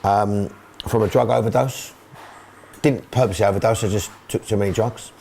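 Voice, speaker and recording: A man's voice: fairly low pitch, steady tone, brisk, gravelly, a little mellow, a little hiss or hum. A middle-aged man from England, a football club owner and manager, speaking emotionally and repeating himself in a candid documentary interview.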